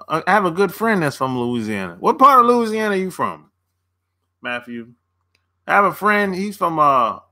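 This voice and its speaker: A man's voice: on the high side, bright, forceful tone. A man coaching on dating in a casual livestream, laid-back, chuckling often and answering viewers' chat by name.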